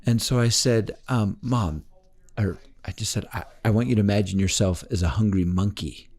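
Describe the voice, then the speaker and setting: A man being interviewed as a life coach, telling a story in a podcast interview and acting out the voices of the people in it. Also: moderate pace. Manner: animated, acts out quoted voices with big pitch jumps.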